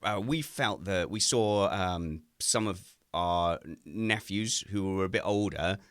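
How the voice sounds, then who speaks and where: A man chatting casually on a home video call, telling animated family stories and jumping into silly high voices when he quotes people. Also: measured pace, clean tone, no echo, studio quality. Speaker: podcast co-host. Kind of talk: casual chat. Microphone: home mic on a video call.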